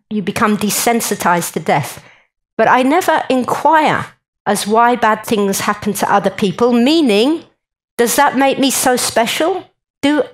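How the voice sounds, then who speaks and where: A woman's voice: mid-range voice, rough recording. A woman giving a chatty, joking talk to a live conference audience and speaking straight to the crowd.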